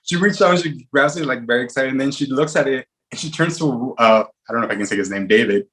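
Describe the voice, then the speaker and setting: A man's voice: mid-range voice, quick pace. Laid-back male podcast guest. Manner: animated retelling, laughs at his own stories. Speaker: podcast guest, host's best friend. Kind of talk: casual chat.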